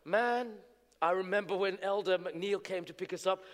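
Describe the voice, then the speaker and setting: A male preacher telling his testimony in an animated sermon, moving between hushed storytelling and shouting. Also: high voice, moderate pace. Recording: echoey hall reverb.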